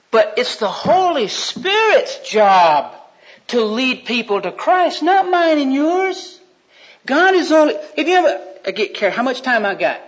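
A man's voice: very high voice, a bit bright. A man preaching a sermon in a folksy, joking way, acting out voices as he retells stories. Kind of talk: sermon with storytelling. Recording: dull lo-fi sound.

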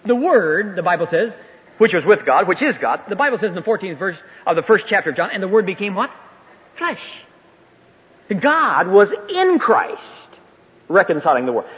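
Older guy preaching, voice swoops all over, pretty high, echoey hall, muffled lo-fi old tape. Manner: animated, swooping pitch, folksy and emphatic. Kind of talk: sermon. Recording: echoey hall, dull lo-fi sound.

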